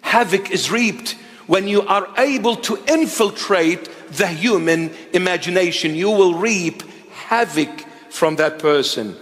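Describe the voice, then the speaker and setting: A man's voice: high voice, a little slow, fairly bright tone, big-room sound. A man in his fifties delivering an emphatic sermon, repeating his key phrases. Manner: emphatic, repetitive preaching. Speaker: preacher.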